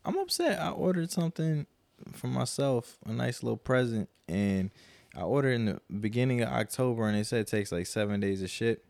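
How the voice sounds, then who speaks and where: A man's voice: medium pitch, brisk, vocal fry, a little mellow, dry recording. A man co-hosting a podcast, telling a long, profane story in a casual, rambling way and quoting people as he goes. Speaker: podcast co-host.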